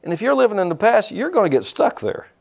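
Gravelly, blunt middle-aged preacher man. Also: sits high, big pitch swings, quick pace, darkish tone. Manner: folksy, blunt preaching with quoted asides. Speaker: pastor. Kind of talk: sermon.

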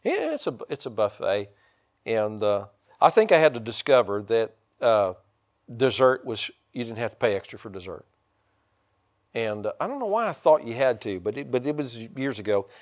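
A middle-aged man preaching a sermon, folksy and rambling, with many restarts and sudden high, loud bursts of excitement. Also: moderate pace. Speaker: pastor.

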